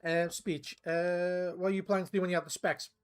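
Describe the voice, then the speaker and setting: A man's voice: sits high, flat delivery, fairly quick, clean tone. A man with a Scouse accent giving casual, joking, sweary commentary while playing a game. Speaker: streamer.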